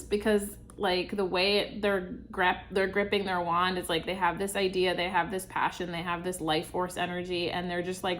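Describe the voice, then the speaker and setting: A woman's voice: mid-range voice, fairly bright tone, a little hiss or hum. A young woman giving a casual tarot reading, chatty and reassuring, laughing often. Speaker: tarot reader.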